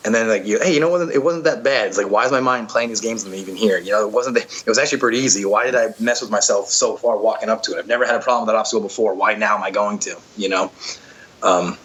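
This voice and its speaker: A man's voice: on the low side, steady tone, very fast, a bit bright, slightly rough, poor audio. A man telling stories from an obstacle race in a casual, rambling way, full of fillers and restarts. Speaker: podcast guest, obstacle racer. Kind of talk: casual storytelling chat.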